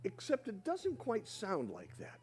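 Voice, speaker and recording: A man's voice: high-pitched, huge pitch swings, a little slow, a little mellow, slightly rough. A man speaking at a church dinner, teaching the audience in a friendly way and coaxing them to repeat after him. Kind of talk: sermon-style teaching. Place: hall with an audience.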